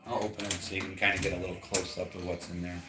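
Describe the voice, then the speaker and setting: A man's voice: low-pitched, little pitch movement, rapid-fire, reverberant, heavy background noise. A man co-hosting a casual livestream from his home, joking and showing off a collection. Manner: playful, jokey. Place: house at night.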